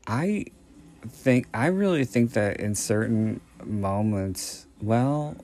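Male podcast host, lowish voice, unhurried and rambling, casual film chat. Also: lively intonation, darkish tone. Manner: meandering, thinking aloud. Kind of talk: casual movie commentary.

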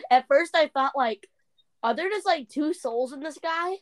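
Brief: young woman, slightly high voice, excitable casual podcast co-host. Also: normal speed. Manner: excitable, jumps between topics. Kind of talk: casual chat.

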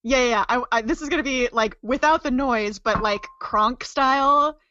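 A woman's voice: a little high, moderate pace, sharp tone, no echo, muffled recording. A woman playing in a tabletop game, describing her moves in a rambling, stop-start way full of "like". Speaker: player. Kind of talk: casual tabletop play.

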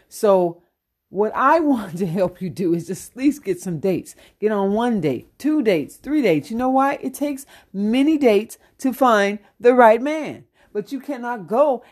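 A middle-aged woman hosting a dating-coach podcast, delivering a brash, profane comic rant and laughing often. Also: a little high.

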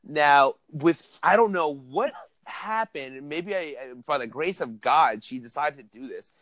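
A young man telling a wild story in casual chat, animated and profane, laughing as he goes. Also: fairly high pitch, measured pace. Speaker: podcast host telling a story.

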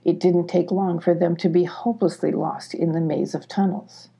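A woman reading a children's adventure audiobook in a measured, gentle storytelling manner. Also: fairly low pitch, steady tone, gravelly, husky. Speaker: audiobook reader. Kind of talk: scripted audiobook narration.

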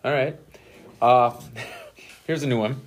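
A man who is a teacher hosting a casual interview, relaxed and encouraging, with lots of "you know" and "right". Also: mid-range voice, slow pace, slight background noise. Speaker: teacher and podcast host.

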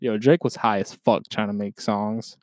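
A young man hosting his own podcast, ranting in a casual, excitable way, with lots of swearing and sudden loud outbursts. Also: on the low side, normal speed, dry recording. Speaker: podcast host. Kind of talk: casual solo rant.

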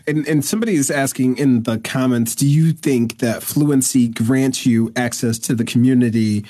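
A man hosting a podcast in a relaxed, agreeable way, with a few stumbles over his words. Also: mid-range voice, moderate pace. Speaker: podcast host. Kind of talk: casual conversational interview.

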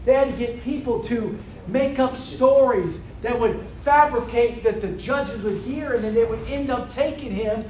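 A man's voice: very high-pitched, moderate pace, few pauses, darkish tone. A man preaching a sermon to a congregation in a room, tossing rhetorical questions out for them to answer.

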